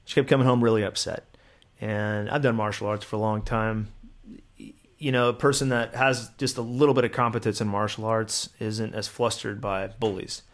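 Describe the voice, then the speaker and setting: A man in his thirties, co-hosting a podcast, telling a long anecdote in a rambling, animated way. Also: fairly low pitch, normal speed. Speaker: podcast co-host. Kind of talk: casual chat, storytelling.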